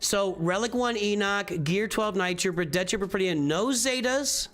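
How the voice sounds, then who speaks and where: During a live stream, a man with a high-pitched, fairly bright voice reviews viewers' game rosters at a moderate pace, with faint music behind him. His casual commentary is thought out loud, full of restarts and repeated phrases.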